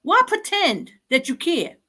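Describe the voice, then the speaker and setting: A woman's voice: high-pitched, very animated, unhurried, sharp tone. A woman hosting an online talk show, scolding her listeners in an impassioned, exasperated and repetitive way.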